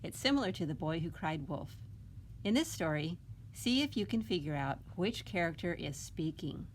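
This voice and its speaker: A woman's voice: lowish voice, animated, moderate pace, a little hiss or hum. A woman reading a picture book aloud at a library storytime, asking the children questions and adding coaxing "huh?" tags.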